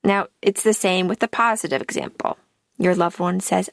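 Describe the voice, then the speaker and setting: A woman life coach hosting her podcast, speaking in a calm, deliberate scripted monologue, and her line ends often trail off into breath. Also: fairly low pitch, vocal fry, no room sound, clean studio sound.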